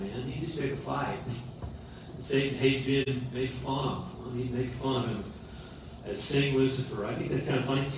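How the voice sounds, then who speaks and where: A middle-aged man preaching a sermon as a pastor, earnest and animated, with self-deprecating humor. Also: mid-range voice, slight background noise. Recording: roomy echo from far off the mic.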